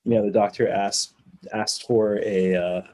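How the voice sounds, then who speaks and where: Mellow-voiced man telling a lively story. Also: on the low side, unhurried, rough recording. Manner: animated storyteller who acts out quoted voices and laughs between lines. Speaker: podcast guest, musician. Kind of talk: casual interview storytelling.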